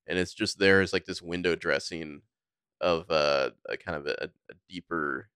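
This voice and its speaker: A man's voice: low voice, normal speed, pushed and bright, clean tone, dry recording, studio quality. A man co-hosting a casual movie review podcast, opinionated and rambling with lots of fillers. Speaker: podcast co-host.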